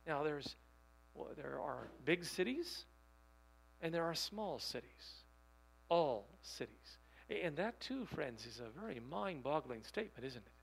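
A man preaching a sermon, reading quotations slowly and putting rhetorical questions to his listeners. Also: on the high side, big pitch swings, gravelly, a bit bright, breathy edge, rough recording. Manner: emphatic, rhetorical questions to the audience; reads quotations aloud slowly.

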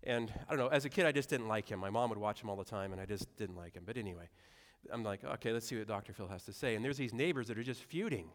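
A man's voice: fairly low pitch, animated, fast talker. A young adult man preaching a sermon in a conversational way, with asides and rhetorical questions. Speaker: pastor.

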